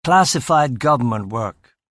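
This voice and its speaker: A man's voice: medium pitch, animated, measured pace, fairly bright tone, no echo, clean studio sound. A man voicing a cheerful, evasive American official in his forties, with a Middle American accent and a slight Southern lilt. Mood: breezy. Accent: Middle American with slight Southern lilt, as performed. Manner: breezy, smug, evasive.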